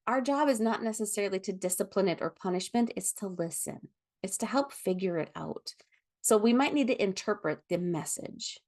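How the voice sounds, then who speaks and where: A woman teaching a foster parenting class in a gentle, explanatory way. She talks at a moderate, ordinary pitch, stopping now and then for an um or to correct herself mid-sentence. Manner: gentle, explanatory, with frequent ums and self-corrections. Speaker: foster care trainer. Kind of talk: training lecture.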